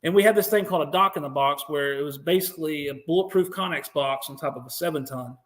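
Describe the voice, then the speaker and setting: American male guest, slightly high voice, animated, swears freely, acts out what others said. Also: fast. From United States. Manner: profane, animated, acts out quotes. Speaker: podcast guest, veteran. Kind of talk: interview storytelling.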